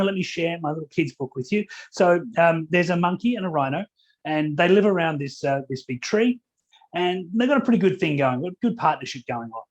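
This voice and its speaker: A man speaks at a company conference in a slightly higher register. He tells stories informally, stopping on "uh" and "um" as he motivates the room. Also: muffled recording. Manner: conversational storytelling with fillers. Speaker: keynote speaker.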